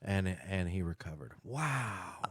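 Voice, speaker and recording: A man co-hosting a comedy podcast, talking in a loud, profane, excitable way. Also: sits low, slow, husky, dry recording, clean studio sound. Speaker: podcast co-host. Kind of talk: casual comedy podcast chat.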